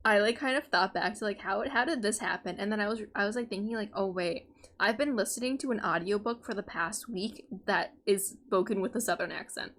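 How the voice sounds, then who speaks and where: A woman's voice: mid-range voice, brisk, a bit bright. Chatty woman telling a rambling story. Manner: rambling, self-correcting storyteller. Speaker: podcast co-host. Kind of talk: casual chat.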